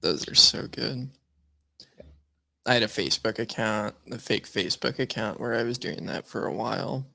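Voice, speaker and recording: A man's voice: fairly low pitch, moderate pace, vocal fry, pushed and bright, dry recording. A man co-hosting a podcast, joking and sarcastic in a casual chat. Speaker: podcast co-host.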